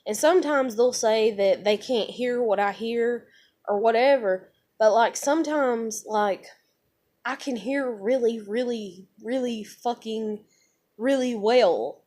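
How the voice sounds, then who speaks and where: A young woman with a high voice and a drawl tells a story straight to camera. She talks bluntly and casually, swears freely and fills her sentences with "like" and "you know.". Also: takes it slowly, darkish tone. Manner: blunt, heavy swearing, many fillers. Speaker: vlogger.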